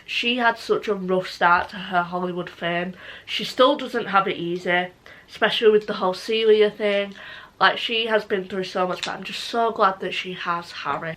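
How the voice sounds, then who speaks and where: A woman's voice: mid-range voice, a bit bright, low-quality recording. A young woman chatting casually in a reading vlog, gushing and emotional, with many "like"s. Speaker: book vlogger.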